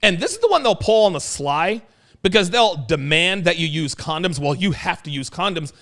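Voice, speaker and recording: A man hosting a livestream, telling a crude story to his chat with animated swings between low mutters and excited bursts. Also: moderate pace. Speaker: host.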